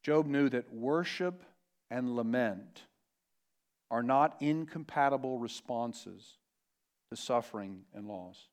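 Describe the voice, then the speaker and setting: A man preaching a sermon as a pastor, earnest and emphatic, slowing down to stress key words. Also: medium pitch. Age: adult parent.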